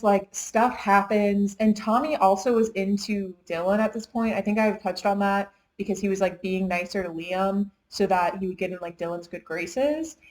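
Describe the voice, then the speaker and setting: Casual young woman book reviewer, middle pitch, rambling plot recap. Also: poor audio. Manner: chatty retelling, heavy use of "like". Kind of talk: casual chat.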